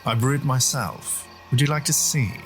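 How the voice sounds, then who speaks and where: A man's voice: mid-range voice, moderate pace, a bit bright, faint music behind, lightly acted. A man voicing an eerie, courteous old male professor with a crackly, popping voice and a polished speaker's delivery with a slight accent. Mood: smooth, beckoning.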